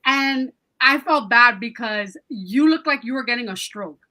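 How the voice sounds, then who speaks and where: A woman co-hosting a podcast, telling a story in an animated, casual way and swearing freely. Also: on the high side, measured pace, rough recording. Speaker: podcast co-host. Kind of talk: casual chat.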